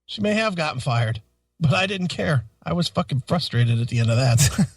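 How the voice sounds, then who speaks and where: Animated high-voiced swearing man. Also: normal speed, no echo, recorded from a distance. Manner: animated, swears constantly, laughs through stories. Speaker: radio co-host. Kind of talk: profane casual storytelling.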